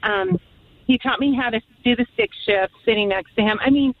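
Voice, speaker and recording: A woman's voice: a little high, expressive, moderate pace, no room sound. A woman caller on a radio call-in show, reminiscing fondly about her late father, rambling and near tears. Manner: emotional, rambling, fond reminiscing. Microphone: phone. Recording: phone line.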